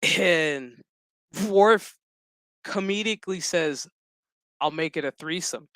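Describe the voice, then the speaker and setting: A man's voice: on the high side, slow, a bit bright, smooth, no room sound. A man giving a casual, profanity-laced spoken review of a TV series, chatty and laughing often. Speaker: show reviewer.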